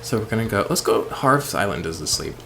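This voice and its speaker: A sleepy man chatting casually and rambling while playing a game late at night, with sudden excited squeals. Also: lowish voice, fairly quick, creaky, a little hiss or hum. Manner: rambling, self-deprecating, bursts of excited squeals. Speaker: streamer.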